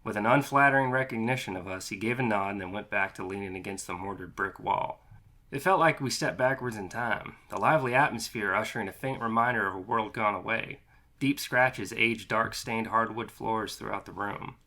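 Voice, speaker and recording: A man narrating a gritty first-person audiobook. His lowish voice is bright and forceful, and he reads at an even, matter-of-fact clip. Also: a little fast. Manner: steady, matter-of-fact, casually profane.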